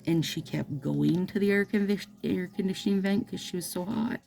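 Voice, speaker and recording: A woman's voice: lowish voice, moderate pace, creaky, hardly any pauses, dark tone. A woman chatting casually to her viewers while doing her nails, rambling and playful with asides. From Minnesota. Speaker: nail vlogger. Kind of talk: casual chat to camera while applying nail strips.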